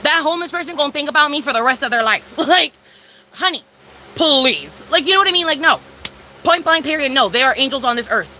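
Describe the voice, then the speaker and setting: Young woman, high bright voice, live from home; casual, profane, keeps agreeing with chat. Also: animated, a little fast, slight background noise. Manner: profane, emphatic, talking back to chat. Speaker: livestreamer.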